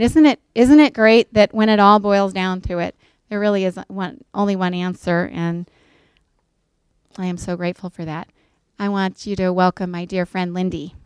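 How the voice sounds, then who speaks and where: A middle-aged woman speaks earnestly to a gathered group, recounting a counseling story. Her voice is smooth and resonant, recorded dry and close. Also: mid-range voice, a little mellow, no room sound. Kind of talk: faith-based talk to an audience.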